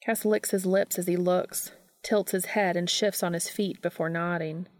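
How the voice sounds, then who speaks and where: A woman calmly reading fan fiction aloud in an unhurried narrating voice. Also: on the low side, dry recording, studio quality. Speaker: reader.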